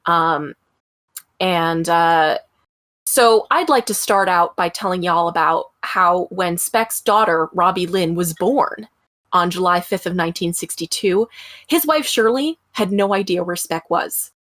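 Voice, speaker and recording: A woman hosting a casual true-crime podcast, talking in a chatty, profane way full of ums. Her voice sits a little low, and the recording is dry and close. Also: measured pace, a bit bright, no room sound. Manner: chatty, profane, laughing asides, many ums. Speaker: podcast host.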